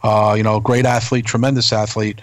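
A man's voice: lowish voice, little pitch movement, fairly quick, dry recording. A man co-hosting a casual wrestling chat podcast, hesitant, with many restarts and fillers. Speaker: podcast co-host.

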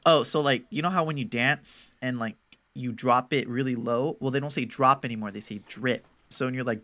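Young guy on a podcast, bright tense voice, dry close sound, goofs around. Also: medium pitch, fast talker, dry recording. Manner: animated, jumps into goofy voices. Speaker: podcast co-host. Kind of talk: casual chat.

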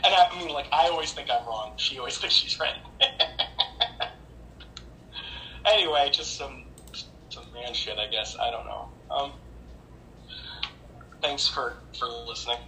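A man speaking candidly at a support meeting over a video call, halting with many fillers and restarts, getting heated as he talks. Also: mid-range voice, pushed and bright, reverberant, slight background noise, rough recording. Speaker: recovery meeting member sharing.

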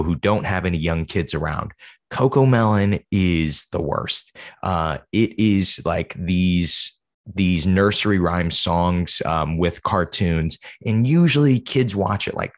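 A young man hosting a podcast, telling a story in a casual, animated way with lots of fillers and restarts. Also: low voice, no echo, clean studio sound. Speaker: podcast host.

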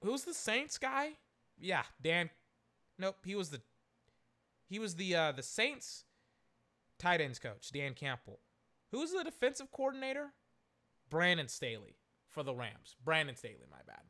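Bright-voiced man ranting about sports. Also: high voice, a little slow, pauses often. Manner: exasperated, animated, corrects himself often. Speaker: sports commentator. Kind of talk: solo sports opinion rant.

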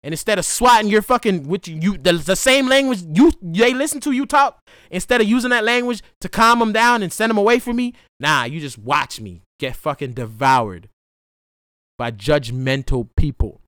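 A young man hosting a podcast, talking through a raw, profane solo monologue that swings from hushed to loud outbursts. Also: high voice, normal speed, dry recording, studio quality. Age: young adult. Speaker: podcast host.

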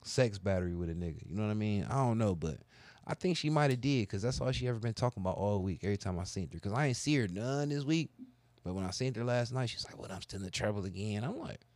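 A man with a low voice tells crude stories in a loose, profane, boastful way. The sound is close and dry, with no room around it. He drawls through casual talk with a co-host. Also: fast, no room sound. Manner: profane, boastful, animated storyteller. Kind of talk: casual storytelling chat.

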